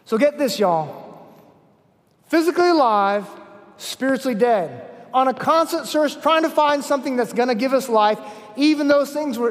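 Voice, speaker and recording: A man preaching a sermon at a conference, emphatic, repeating key phrases and telling stories. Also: very high-pitched. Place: large conference hall. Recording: long hall reverb.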